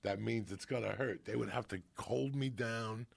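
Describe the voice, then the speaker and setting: With a lowish, creaky, slightly rough voice at normal speed, a middle-aged man tells a podcast a comic tale about his Cuban family from New Jersey. Profanity flows constantly, and he performs his relatives' parts right in the middle of the story.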